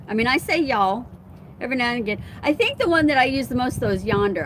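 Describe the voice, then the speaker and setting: Slow-talking woman chatting on a live stream. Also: sits high, big pitch swings, fairly bright tone, slight background noise. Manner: chatty, laughs often, reads and answers comments. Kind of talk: casual live chat with viewers. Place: outdoors at home, wind and chimes around. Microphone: phone.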